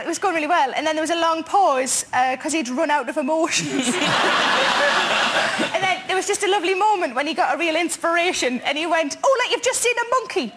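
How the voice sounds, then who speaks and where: A woman telling a dry, self-deprecating comic story on a chat show. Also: high voice. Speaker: comedian guest. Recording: studio audience laughter, loud noise.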